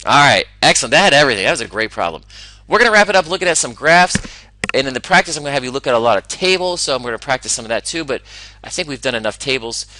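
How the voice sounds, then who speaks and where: Upbeat male math teacher, bright voice. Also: mid-range voice, lively intonation, rapid-fire, rough recording. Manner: enthusiastic, talks himself through problems with asides. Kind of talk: recorded classroom lesson.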